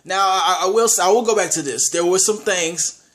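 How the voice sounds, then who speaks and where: Blunt man reviewing a movie, fairly high voice. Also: normal speed, fairly bright tone. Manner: blunt, emphatic, repeats points for stress. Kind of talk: casual spoken movie review.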